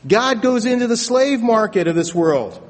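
A man's voice: very high-pitched, expressive, moderate pace. A man preaching a sermon in a church, telling stories in a conversational way with frequent restarts. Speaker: pastor. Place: church sanctuary. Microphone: stage microphone with sound booth. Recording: long church reverb.

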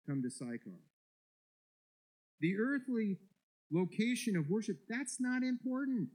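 Male preacher, fairly high voice, emphatic sermon delivery with repeated words. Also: a little mellow, rough recording. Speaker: pastor.

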